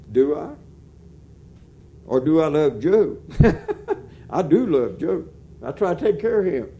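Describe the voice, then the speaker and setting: A man preaches with folksy, animated energy. His voice sits high for a man but has a dark, mellow tone. He swells to loud, emphatic peaks. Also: slow pace, pauses often, muffled recording. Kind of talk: sermon.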